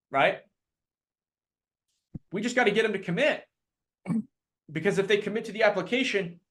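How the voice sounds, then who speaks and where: Energetic man running sales training. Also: a little high. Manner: energetic, acts out clients in quick put-on voices. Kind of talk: live sales training talk.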